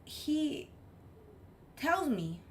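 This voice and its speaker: A woman live streamer telling a story in casual chat, blunt and animated, swearing freely. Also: high voice, extremely slow, slight background noise.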